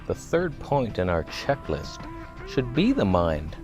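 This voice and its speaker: A man's voice: on the low side, huge pitch swings, takes it slowly, music in the background. A man talking to camera outdoors about health in a casual, joking vlog, with self-mocking asides. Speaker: vlogger. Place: outdoors, walking by a road.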